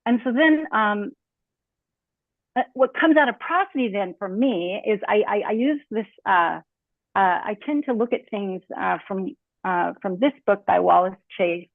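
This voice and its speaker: A woman's voice: mid-range voice, a little slow, creaky, no echo. A woman speaking as a designer on a panel, talking casually with many fillers and acting out spoken examples. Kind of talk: online talk on speech design. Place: home, on a video call. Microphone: computer mic on a video call. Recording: tinny phone-like video call audio.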